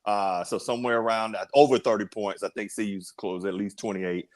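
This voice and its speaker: A man's voice: fairly low pitch, fairly even intonation, fairly quick. A man panelist in a casual sports chat, joking and laughing along at himself.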